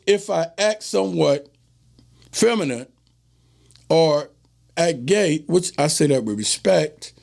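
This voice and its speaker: Male host, high-pitched with a gritty fry, emphatic commentary monologue that hammers on repeated phrases. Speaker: show host. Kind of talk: direct-to-camera commentary monologue.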